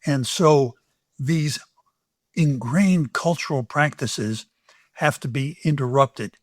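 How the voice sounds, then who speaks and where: Older man, deliberate expert explaining. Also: medium pitch, dry recording, studio quality. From United States. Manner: deliberate, explanatory, emphatic with occasional soft asides. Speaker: infectious disease expert guest. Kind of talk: measured expert interview answers.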